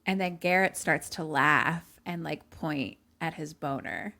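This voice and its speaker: A woman's voice: low-pitched, unhurried, creaky, sharp tone. A young woman co-hosting a podcast, casually recapping a movie scene by scene, quoting the characters and laughing often. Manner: retells scenes with acted-out quotes, laughs often.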